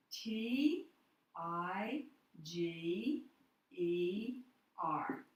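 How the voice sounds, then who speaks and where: A woman teaching a phonics lesson, explaining step by step and often checking in with "okay". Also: fairly low pitch. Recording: roomy echo, distant mic, faint noise.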